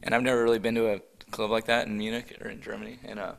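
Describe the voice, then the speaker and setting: A man's voice: on the low side, very fast, vocal fry, slight background noise. A young man from San Diego chatting casually and joking with a bandmate during a question round. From San Diego, USA. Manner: relaxed, joking banter. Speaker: band member answering questions. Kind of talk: casual chat.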